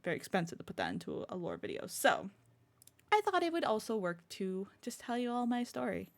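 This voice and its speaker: A woman's voice: medium pitch, huge pitch swings, brisk. A woman streamer chatting casually to her viewers, bubbly and rambling, often breaking into giggles. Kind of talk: casual live-stream chat.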